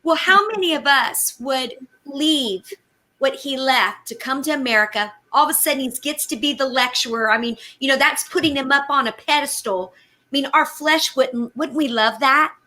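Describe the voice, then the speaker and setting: A woman's voice: high-pitched, moderate pace, sharp tone. A woman co-hosting a faith talk show, speaking in an earnest, preacherly way. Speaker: co-host.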